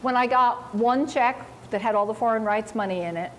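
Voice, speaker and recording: A woman's voice: on the high side, a little fast. A woman novelist answers questions at a university seminar in a loose, chatty way. She is wry and self-mocking and slips into little voices for the people she quotes. A faint hiss sits under the recording. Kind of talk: casual talk answering audience questions.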